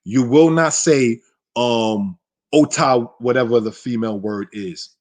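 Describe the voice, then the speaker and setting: With a medium-pitched, slightly mellow voice, this American man leads a live online Hebrew lesson. He keeps it conversational, addresses his audience as brothers and sisters, and slows down whenever he stresses important words.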